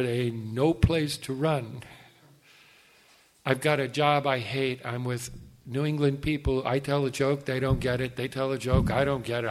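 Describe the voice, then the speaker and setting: Older male speaker sharing his testimony; animated, self-mocking storyteller who talks straight to the crowd. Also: mid-range voice, slight background noise. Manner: animated, self-deprecating, asides to the audience. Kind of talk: personal storytelling talk.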